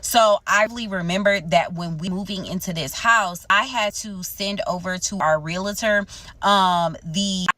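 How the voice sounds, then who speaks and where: A woman's voice: medium pitch, unhurried. Brief: pregnant woman, casual storytime, blunt and profane, mid-range voice, car noise behind her. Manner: blunt, profane, animated retelling with voiced quotes. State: eight months pregnant.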